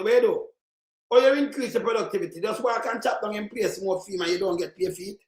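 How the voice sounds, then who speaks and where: Jamaican man, high voice, emphatic patois rant, echoey room. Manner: emphatic, often shouting, in patois. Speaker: political commentator. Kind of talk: ranting commentary over clips.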